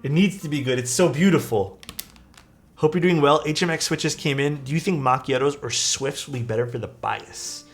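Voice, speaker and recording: While working on a build during a live stream, this man casually chats with viewers and responds to their questions in a relaxed way. He has a mid-range voice and a moderate pace.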